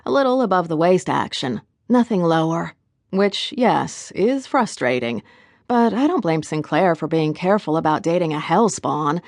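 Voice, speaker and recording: Wry, low-voiced woman audiobook narrator. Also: dry recording, clean studio sound. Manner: wry, conversational. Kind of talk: first-person audiobook narration.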